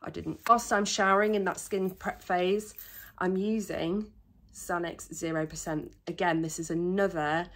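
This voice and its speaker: A young British woman sharing competition tanning tips in a chatty, self-mocking talk to camera, a little out of breath. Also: on the low side. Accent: British English. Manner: chatty, self-mocking asides, quick laughs. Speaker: bodybuilding competitor and vlogger.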